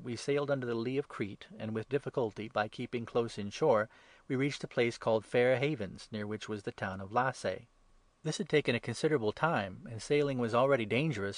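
A man narrating a Bible passage in a measured, steady reading style. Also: medium pitch, no echo. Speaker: reader.

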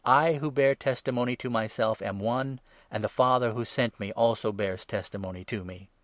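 A man reading the words of Jesus as a solemn male teacher in a measured way, louder and higher on key phrases. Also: no echo, close to an everyday voice. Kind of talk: scripture reading.

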